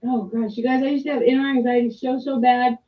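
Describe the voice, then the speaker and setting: A candid middle-aged woman tells her story in a rambling, frank way, dropping the odd swear word. Her voice sits a little high and comes over a tinny, phone-like line from some distance off the mic. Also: little pitch movement, fast talker, slight background noise. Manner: rambling, candid, with frequent restarts and mild swearing. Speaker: client sharing a testimonial. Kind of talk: casual personal testimony.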